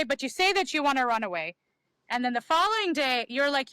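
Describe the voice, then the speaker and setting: A woman's voice: high-pitched, big pitch swings, normal speed, sharp tone, no echo. A woman talking as a podcast guest, giving emphatic advice that repeats key phrases and acts out inner dialogue. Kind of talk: animated conversational advice.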